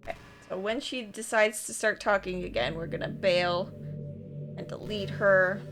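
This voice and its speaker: A woman's voice: medium pitch, moderate pace, music in the background. A woman streaming a game live, chatting and joking with her viewers and laughing between remarks.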